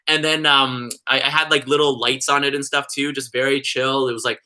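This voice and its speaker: A man's voice: medium pitch, level tone, a little fast, pushed and bright. A young man telling a long, rambling story in casual chat, filling his talk with "like" and "you know". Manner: rambling, heavy use of "like". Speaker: vlogger.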